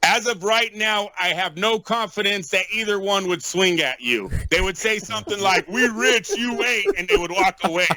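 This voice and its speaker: High-voiced blunt boxing co-host. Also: male voice, normal speed, hardly any pauses, crowd noise. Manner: blunt opinions, repeats words. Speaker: podcast co-host. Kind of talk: casual boxing chat.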